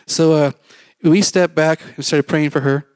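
A man's voice: on the high side, steady tone, measured pace, darkish tone, clean tone, dry recording. A man preaching a testimony, telling his story in a rambling, conversational way with fillers and acted-out quotes.

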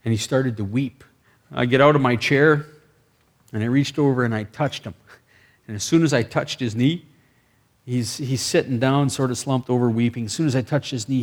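A man preaching a sermon, telling a story with lively acted dialogue and sudden bursts of excitement. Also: mid-range voice, moderate pace.

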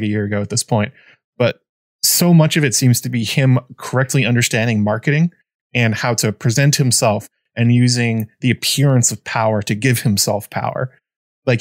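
A podcast host of medium pitch chats casually, rambling and halting with plenty of fillers and restarts. The sound is clean and studio-made, with no room echo.

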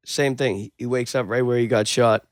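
Man, casual chat, animated storyteller, acts out dialogue, profane, dry close sound. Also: mid-range voice, brisk, no echo.

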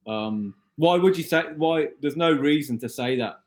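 A man's voice: fairly high pitch, lively intonation, moderate pace. A man co-hosting a podcast in casual chat, often restarting his sentences as he thinks aloud. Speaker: podcast co-host.

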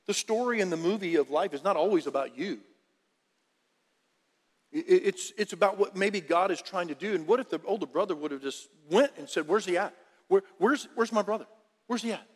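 A male pastor preaching a sermon in an animated, emphatic way, often repeating phrases. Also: sits high, fairly quick, big-room sound.

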